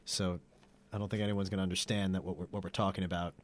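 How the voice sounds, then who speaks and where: A man co-hosting a podcast, chatting casually and telling straight-faced tall tales with animated voices. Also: deep voice, fast talker. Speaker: podcast co-host. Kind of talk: casual comedy chat.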